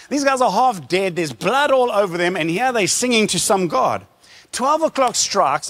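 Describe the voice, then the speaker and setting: A man preaching a sermon, retelling a story with lively energy and acting out the quoted lines. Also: high voice. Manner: animated storytelling with acted-out quotes. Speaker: pastor.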